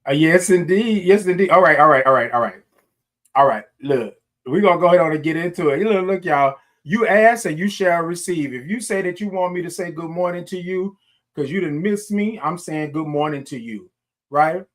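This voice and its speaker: Man, Houston Texas twang, casual livestream host, folksy, repeats phrases, slightly high voice. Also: normal speed, a bit bright. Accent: Southern US, Texas. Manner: folksy, repeats himself, greets viewers by name. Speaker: morning show host.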